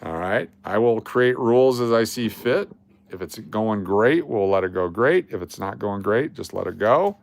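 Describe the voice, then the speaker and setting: A man's voice: lowish voice, expressive, moderate pace, vocal fry, no room sound. A man hosting a casual livestream, talking to his chat in a blunt, joking, rambling way. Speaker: livestream host.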